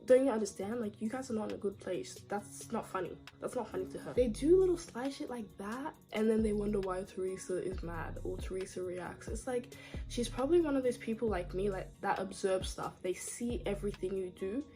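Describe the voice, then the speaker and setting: A woman's voice: medium pitch, a little fast, dark tone, soft background music. A woman giving casual, opinionated commentary on a reality show, talking straight to her viewers and often saying "like, girl".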